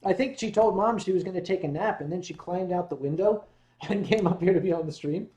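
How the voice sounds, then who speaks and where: A man's voice: high voice, fairly quick, dark tone. A man hosting a casual livestream, playful and teasing as he chats with his guest and reads viewer comments aloud. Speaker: stream host.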